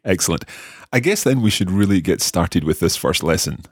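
Man, language course host, low voice, husky, dry studio sound, careful repetition. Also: animated, no echo. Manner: slow careful repeating of phrases. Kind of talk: friendly scripted lesson banter.

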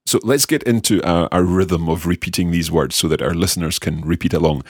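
A man hosting a podcast language lesson, carefully and slowly repeating phrases after his co-host. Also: low voice, husky, dry recording, studio quality. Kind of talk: friendly scripted lesson banter.

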